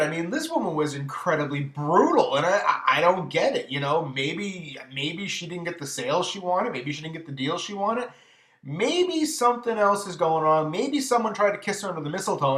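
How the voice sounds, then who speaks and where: A man's voice: on the high side, bright, forceful tone. A man hosting his own vlog, telling an everyday story in a chatty, exasperated way with lots of fillers. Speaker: vlog host. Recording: echoey room.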